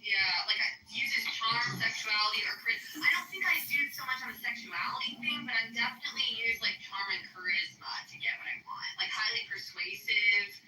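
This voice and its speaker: A woman in casual group talk, candid and self-reflective. Her pitch rises and falls freely and her tone is bright and sharp. She sounds set back from the mic in an echoey room. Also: big pitch swings, a little fast, hardly any pauses, slight background noise. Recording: roomy, distant-mic recording.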